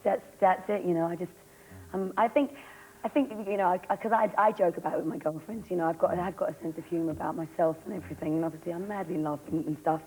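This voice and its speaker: An actress being interviewed on a talk show, rambling and giggly, with a slightly hoarse voice. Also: female voice, fairly low pitch, fairly even intonation, a little mellow, a little hiss or hum, low-quality recording. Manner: rambling, giggly, fast storyteller. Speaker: guest actress.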